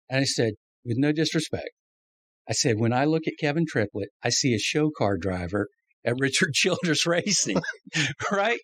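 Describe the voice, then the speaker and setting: Husky-voiced man telling a racing story. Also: medium pitch, unhurried, no room sound. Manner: animated storyteller, acts out quotes, laughs often. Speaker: former crew chief guest. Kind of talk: storytelling interview.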